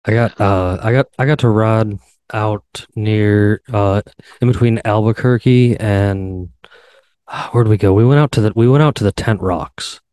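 Male co-host, low smooth voice, rambling easygoing delivery. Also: measured pace, darkish tone, no echo. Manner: rambling, with fillers and restarts. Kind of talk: casual chat.

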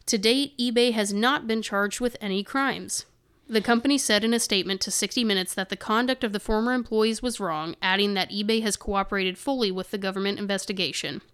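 A woman co-hosting a chatty podcast, her voice smooth and resonant at a middling pitch. She reads news passages aloud and breaks off for indignant, sarcastic remarks. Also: steady tone, fairly quick, fairly bright tone. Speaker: podcast co-host. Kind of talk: casual chat, reading news excerpts aloud.

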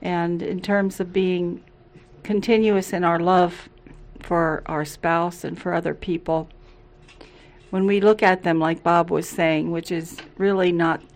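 Casting note: middle-aged female co-host, lower-pitched, playful and teasing, casual faith chat. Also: steady tone, a little slow.

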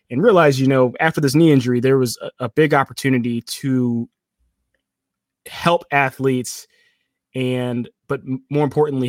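A man's voice: mid-range voice, no echo, studio quality. A man co-hosting a sports technology podcast, talking at length with restarts and self-corrections. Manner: rambling, self-correcting, playful aside. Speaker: podcast co-host. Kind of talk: casual sports tech chat.

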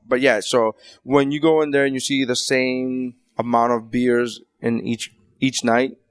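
A man's voice: mid-range voice, little pitch movement, measured pace, no echo, clean studio sound. A male comedian hosting a podcast, telling stories casually with lots of swearing and restarts. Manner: profane storytelling with many restarts.

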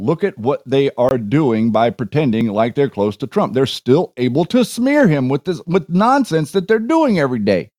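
A man's voice: mid-range voice, sing-song, normal speed, hardly any pauses, darkish tone, dry recording, studio quality. A man co-hosting a casual political talk stream who argues his points and often repeats words as he starts a sentence. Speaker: co-host.

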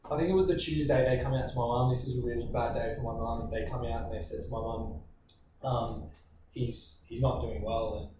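A man in his twenties with an Australian accent, telling a personal story as a podcast guest in an earnest, reflective way with halting bursts. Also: mid-range voice, steady tone. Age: 20s. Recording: very echoey room, distant mic, ambient noise.

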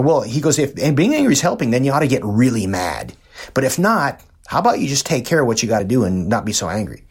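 A man's voice: medium pitch, a little mellow. A middle-aged man hosting a podcast, telling folksy motivational stories and often repeating words as he goes. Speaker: podcast host. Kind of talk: motivational storytelling.

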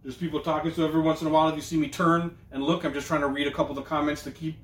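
A man's voice: a little high, flat delivery, racing, reverberant, recorded from a distance, rough recording. A man co-hosting a casual podcast, talking loosely and swearing as he riffs. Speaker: podcast co-host. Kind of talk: casual chat. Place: room streamed live.

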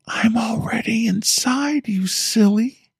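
Male narrator doing a creepy ghost girl turning into a growling demon, mocking, drawn-out horror story voice. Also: very high-pitched, husky, no echo, clean studio sound, pitched above the performer's own voice, full character voice. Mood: whispering. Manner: taunting, mocking, slow and drawn out.

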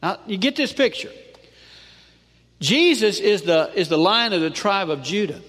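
A man with a high voice delivers a sermon in a big echoing hall. He pushes some phrases loud and drops others to a hush. He keeps asking the congregation for an "amen?". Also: very animated, normal speed. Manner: preachy call-and-response with frequent "amen?"; dramatic swings between loud and hushed. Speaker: pastor. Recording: long hall reverb.

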